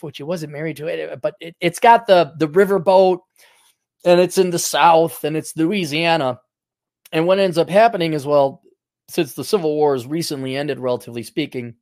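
A man's voice: on the high side, dry recording, studio quality. A man hosting a talk show, in a rambling, casual commentary that is profane and full of restarts. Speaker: show host.

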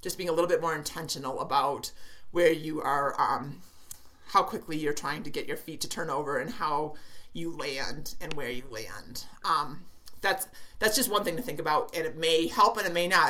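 A woman's voice: low-pitched, sharp tone. A woman co-hosting a casual chat, giving running advice with lots of fillers and restarts. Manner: chatty, many fillers and restarts. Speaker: running podcast co-host.

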